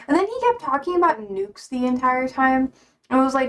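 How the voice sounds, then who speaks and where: A woman's voice: sits high, very animated, fairly quick, slight background noise, poor audio. A young adult woman streamer chatting casually on a live stream, rambling and full of fillers, often cutting herself off mid-thought. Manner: rambling, filler-heavy, self-interrupting.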